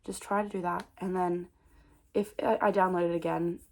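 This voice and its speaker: Young woman vlogger, creaky voice, casual rambling overshare with lots of laughs and restarts. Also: fairly low pitch, flat delivery, normal speed. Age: young adult. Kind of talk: casual rambling chat to camera.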